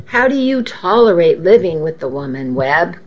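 A woman's voice: lowish voice, big pitch swings, normal speed. A woman reading aloud and voicing a blustering, scornful middle-aged father, on a dull lo-fi recording.

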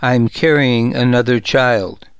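A man's voice: medium pitch, steady tone, slow, smooth, dry recording. A man reading a proud, wronged young queen. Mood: tearful.

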